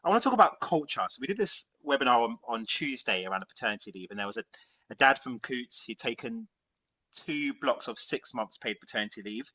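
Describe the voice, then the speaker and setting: A man hosting a panel discussion and speaking in an animated, emphatic way. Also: mid-range voice, fairly quick. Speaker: host. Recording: dull lo-fi sound.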